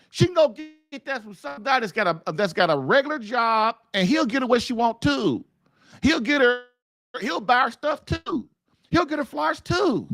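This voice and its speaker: A middle-aged man runs a casual call-in marriage show, talking to men in loose slang. His voice sits high and jumps all over with emphasis. The sound is dry and close, with no room around it. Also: dry recording. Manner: animated, repetitive, colloquial, addresses listeners as man and dude. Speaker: podcast host giving marriage advice. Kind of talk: live-stream talk, casual preaching to men.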